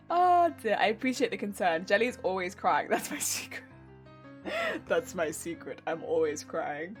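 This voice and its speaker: A woman streamer chatting casually with her live chat while crafting, laughing often, her weak voice cracking when her pitch changes. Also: lively intonation, measured pace, faint music behind. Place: home crafting stream setup.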